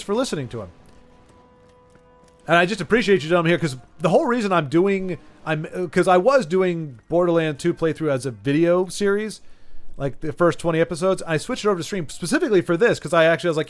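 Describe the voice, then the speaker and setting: A man's voice: on the high side, fast talker, faint music behind. A man chatting casually with viewers while streaming a game, rambling and stumbling over his words. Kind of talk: casual live-stream chat while gaming.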